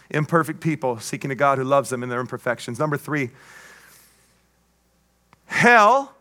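A man's voice: medium pitch, sharp tone. A man preaching a sermon as pastor, emphatic, with call-and-response asides and playful jokes.

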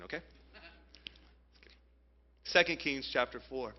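A man in his thirties preaching a sermon, telling a personal story in an animated way and speaking straight to his audience. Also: mid-range voice, moderate pace, pauses often. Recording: muffled, reverberant hall sound.

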